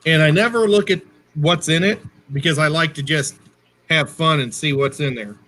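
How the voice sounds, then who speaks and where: Bright, higher-voiced guy co-hosting a stream, chatty and jokey, light hum behind. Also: normal speed. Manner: chatty, self-correcting, jokey. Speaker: co-host. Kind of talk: casual livestream chat.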